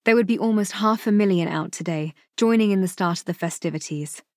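Reading aloud from a novel for an audiobook, a woman with a mid-range voice keeps her storytelling steady and measured. The sound is studio-clean, without echo.

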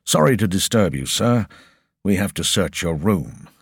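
A man reading an audiobook, voicing a gruff older male security officer who is deferential but evasive. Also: low voice, expressive, unhurried, no room sound, clean studio sound, full character voice.

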